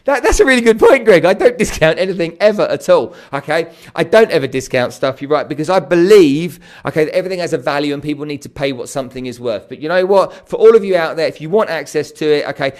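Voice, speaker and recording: Give me an energetic man hosting a live talk to viewers, voice a little on the high side. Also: fast, few pauses. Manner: energetic, punctuates with "okay?". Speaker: host.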